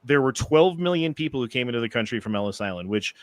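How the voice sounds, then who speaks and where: A man's voice: mid-range voice, expressive, quick pace, dry recording. A man in an online debate, lecturing and rattling off figures to make his case.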